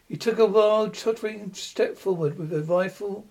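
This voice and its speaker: Male storyteller, high-pitched, dramatic reading. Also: moderate pace, few pauses, a little mellow. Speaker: narrator. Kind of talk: storytelling narration.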